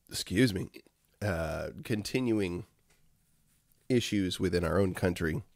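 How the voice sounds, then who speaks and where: A man's voice: low voice, gravelly, no room sound, clean studio sound. A man hosting a casual livestream, rambling to his chat with lots of ums and frequent chuckles. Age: adult. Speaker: livestream host reading chat.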